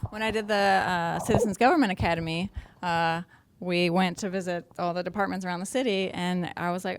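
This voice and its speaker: A woman's voice: fairly low pitch, fairly even intonation, fast talker, slight background noise. A woman on a panel, speaking bluntly with a sardonic edge. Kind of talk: casual panel talk.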